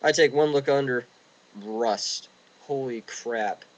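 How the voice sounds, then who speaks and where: A man's voice: mid-range voice, takes it slowly, dull audio. A young man ranting casually and indignantly, rambling with restarts, recorded outdoors in the wind. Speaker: vlogger. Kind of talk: casual rant.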